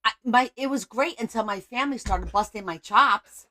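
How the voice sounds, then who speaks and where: A woman's voice: fairly high pitch, moderate pace, sharp tone, slight background noise. A middle-aged woman hosting a casual craft livestream from home on her phone, chatty and teasing as she greets viewers by name.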